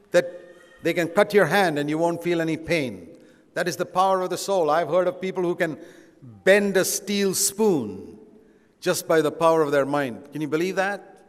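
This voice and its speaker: An older man preaching a sermon in an earnest, conversational way with emphatic stresses. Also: a little high. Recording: long hall reverb.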